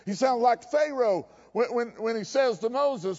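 Male preacher, high voice, folksy and emphatic, muffled hall recording. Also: lively intonation, a little slow, hardly any pauses, a little mellow. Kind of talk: sermon. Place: chapel service.

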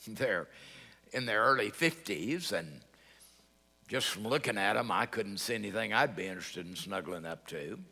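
A man's voice: lowish voice, lively intonation, moderate pace, gravelly, pushed and bright. A man preaching a sermon, telling a story and quoting both sides of a conversation. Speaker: pastor. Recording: long hall reverb.

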